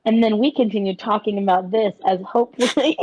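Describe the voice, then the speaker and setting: A woman at a tabletop game, narrating her turn in a crude, playful, chatty way. Her voice sits at a middling pitch. The audio is a bit muffled. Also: brisk, a little mellow, no echo. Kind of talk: casual role-play narration.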